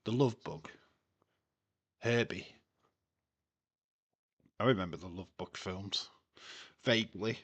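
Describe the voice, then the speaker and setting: A man's voice: fairly low pitch, slow, long pauses, a bit bright, breathy edge, no echo. A man streaming a live watchalong, chatting casually with crude jokes and frequent laughs. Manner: crude, jokey, laughs often.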